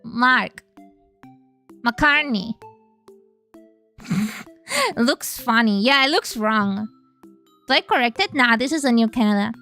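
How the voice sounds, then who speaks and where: A woman's voice: on the high side, sing-song, measured pace, pauses often, sharp tone, soft background music. A woman streamer who speaks natively, chatting casually and playfully on a live stream, swearing freely as she goes.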